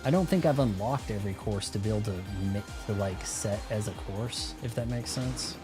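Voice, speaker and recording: A man's voice: lowish voice, fairly quick. A man streaming live gameplay, rambling and cracking jokes as he plays, with game music behind him. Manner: rambling, joking asides while playing.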